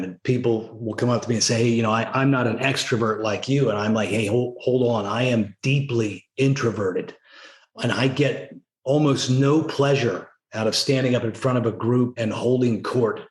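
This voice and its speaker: A middle-aged former Navy SEAL leader, guesting on a podcast, tells stories in a casual interview. His voice is medium-pitched and moderately paced, and the room echoes. He's an animated storyteller who keeps leaning on "right?" and "you know."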